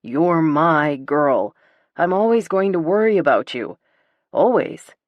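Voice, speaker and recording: Woman voicing a charming, teasing young heir; lowered, rumbling banter, dry read. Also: lively intonation, slow, dry recording, highs cut off. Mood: tender.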